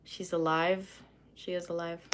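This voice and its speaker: A woman's voice: fairly low pitch, flat delivery, a little slow. A young woman from Lebanon chatting on a livestream, rambling and losing her train of thought as she reads comments aloud. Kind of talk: casual livestream chat, reading comments.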